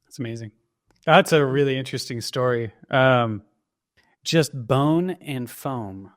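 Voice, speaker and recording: A man's voice: medium pitch, unhurried. A man hosting an interview podcast, responding to his guest with short, musing remarks. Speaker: podcast host.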